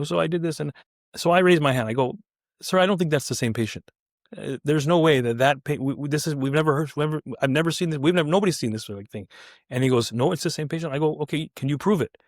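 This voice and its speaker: A man's voice: mid-range voice, creaky, dry recording, clean studio sound. A man, a surgeon, telling a story casually and acting out the dialogue with quoted voices, often restarting his sentences. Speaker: neurointerventional surgeon, podcast guest.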